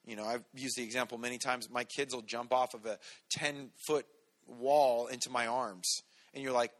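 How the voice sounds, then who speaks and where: A man, a pastor, giving a relaxed, conversational sermon with everyday stories. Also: mid-range voice, moderate pace. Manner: relaxed, storytelling, talks to the congregation directly.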